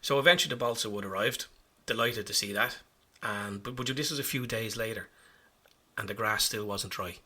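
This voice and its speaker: A man's voice: lowish voice, brisk, sharp tone. A man talking casually over his hobby footage in a chatty, self-mocking way, rambling as he explains each step. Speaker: hobby vlogger.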